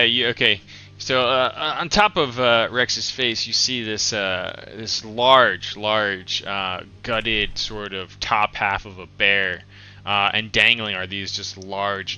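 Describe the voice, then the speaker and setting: Bright-voiced man running a tabletop game. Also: fairly low pitch, fairly even intonation, clean tone, muffled recording. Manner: halting, full of fillers, asks players for detail. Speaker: game master.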